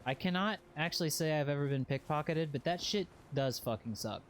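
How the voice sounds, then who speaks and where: A man giving casual live commentary while playing a video game. He swears freely and yelps and shouts at what happens on screen. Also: a little high, lively intonation, fairly quick. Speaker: game streamer. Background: game music.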